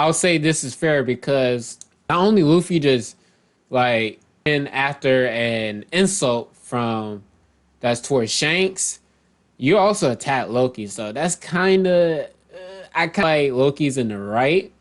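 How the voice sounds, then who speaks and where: A man casually recapping and commenting, rambling and often correcting himself mid-sentence. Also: fairly high pitch. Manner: loose, rambling, self-correcting, reads out character lines. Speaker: manga chapter reviewer.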